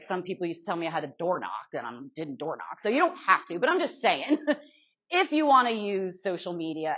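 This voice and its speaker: Teaching social media to real estate pros, this guest speaker runs a live workshop demo for a meeting-room audience, her voice fairly high and bright. Chatty and quick to poke fun at herself, she keeps checking in with listeners, captured in muffled, lo-fi sound.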